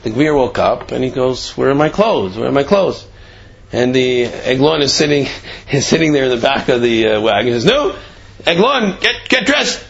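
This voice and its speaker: Gravelly-voiced man telling a Torah story. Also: medium pitch, normal speed, muffled recording. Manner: conversational, acts out voices in the story with laughs. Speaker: Torah teacher. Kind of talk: Torah class with a told story.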